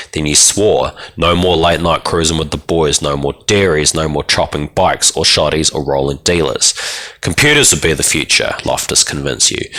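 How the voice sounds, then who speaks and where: A man reading a short story aloud in a gritty, deliberate second-person narration. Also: rumbling low, bright, forceful tone.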